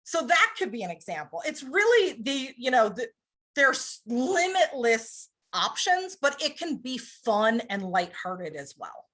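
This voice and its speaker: A woman with a high, bright voice presents candidly over a video call. Her pitch leaps and swoops as she acts out how people react, and her talk stays frank and lively. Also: measured pace. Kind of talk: online presentation.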